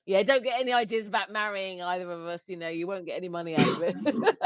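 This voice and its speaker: A woman's voice: medium pitch, quick pace, dry recording. An English woman with a slightly posh accent, co-hosting a livestream in casual chat, reading out viewer comments with a playful, teasing manner. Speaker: livestream co-host. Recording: dry, slightly dull lo-fi stream audio.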